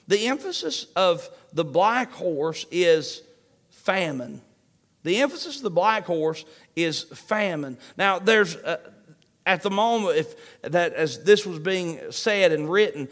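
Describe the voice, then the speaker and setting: A man's voice: a little high, moderate pace, fairly bright tone. A man preaching a sermon, emphatic and repeating key phrases to his congregation.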